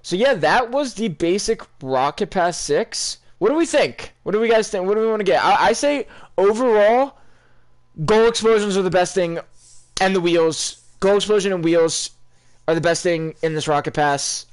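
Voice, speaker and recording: A young man talks loosely over his gameplay, rambling from one thought to the next and turning to his viewers with questions. His voice is smooth and clear and sits a little high for a man. It sounds like relaxed, unscripted chat. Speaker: gaming YouTuber. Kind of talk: casual gameplay commentary.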